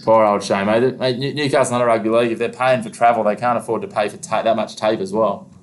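Laid-back Australian man, flat low voice. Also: fast talker, slight background noise. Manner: laid-back, says "mate" often. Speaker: local sports radio host. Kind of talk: casual sports chat.

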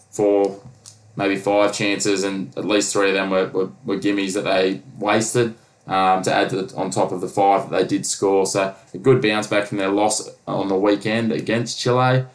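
Male podcast co-host, low and even, rambling with fillers. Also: poor audio. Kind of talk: casual sports chat.

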